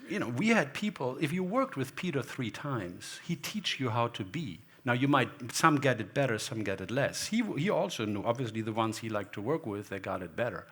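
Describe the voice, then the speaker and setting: A man's voice: medium pitch, lively intonation, a little fast, few pauses, a bit bright. A man, a guest photographer on stage, talking in a rambling, anecdotal way and acting out remembered exchanges. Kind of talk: onstage talk. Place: gallery hall before an audience.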